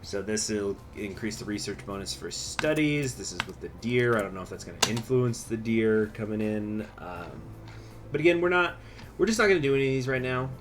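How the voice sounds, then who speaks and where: A man's voice: fairly low pitch, expressive, fairly quick, noisy background. Chatty man narrating his gameplay. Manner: rambling, chatty, lots of fillers and asides. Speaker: let's-play host. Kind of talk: casual gameplay commentary.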